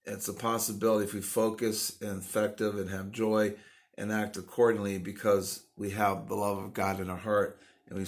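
A man giving an earnest, faith-based motivational talk, emphatic and repeating phrases for punch. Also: fairly low pitch. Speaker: motivational speaker.

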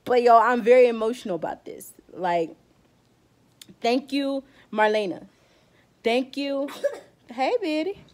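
A woman's voice: fairly high pitch, unhurried, long pauses, a little mellow. A woman beauty vlogger giving a blunt, emotional rant in casual slang, close to tears. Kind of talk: heated vlog rant.

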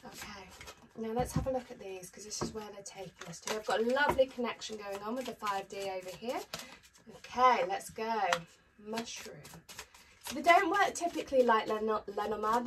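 A woman's voice: a little high, moderate pace. A woman chatting casually to camera as a tarot reader, upbeat with frequent ums. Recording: distant mic with faint noise.

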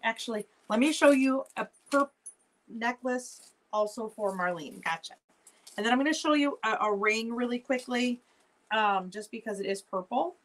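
A woman's voice: on the high side, moderate pace, fairly bright tone. Chatty woman hosting a live jewelry sale. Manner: chatty, upbeat, talks straight to viewers. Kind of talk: casual live-stream selling chat.

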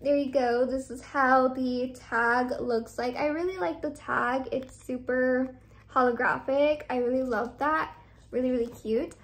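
Young woman vlogger with a high voice, gushing and effusive, casual unboxing chat. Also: fairly even intonation, a little slow. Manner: gushing, effusive, repeats praise words.

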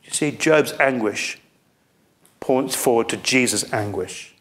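Preaching a sermon, a man earnestly explains a scripture text and poses questions to his listeners. He speaks slowly at a medium pitch, with a slightly bright tone.

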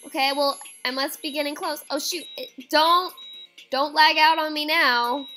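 Bright high-voiced young woman gaming. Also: steady tone, a little slow, soft background music, low-quality recording. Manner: chatty, reads game prompts aloud, squeamish exclamations. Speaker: game streamer. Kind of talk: casual let's-play commentary.

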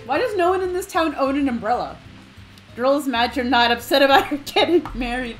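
A woman gives playful, giggly commentary while she plays a video game. Her voice sits high and leaps around constantly with excitement. Quiet music plays faintly behind her. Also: a little fast. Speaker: game streamer. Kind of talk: casual let's-play commentary.

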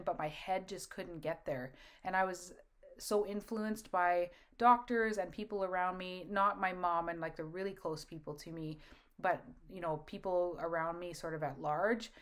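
A middle-aged woman telling her own story to camera in a candid, earnest way. Her voice sits somewhat low for a woman. She talks loosely, with fillers and restarts, like someone confiding in listeners. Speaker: host. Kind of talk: personal testimony to camera.

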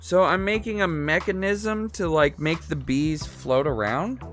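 A man's voice: a little high, unhurried, fairly bright tone, soft background music. A man in his twenties chatting casually while building a toy, rambling, talking to himself and swearing freely. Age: 20s. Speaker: streamer.

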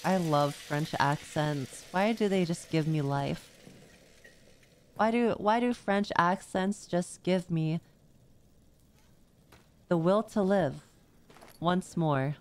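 Female streamer, playful gameplay chat, slow drawl. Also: on the low side, slight background noise. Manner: chatty, playful, excitable. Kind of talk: casual gameplay commentary.

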